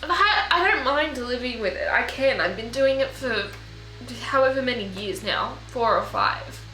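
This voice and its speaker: A woman's voice: on the high side, expressive, pushed and bright. Tearful young woman vlogging. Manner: emotional, halting, tearful. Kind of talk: personal video diary. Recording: echoey room with faint music.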